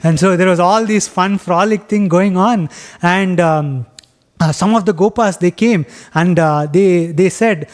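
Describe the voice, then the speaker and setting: A man giving a devotional class, retelling a scriptural story with many pauses and fillers. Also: sits high. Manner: halting, many fillers and restarts. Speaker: temple class speaker.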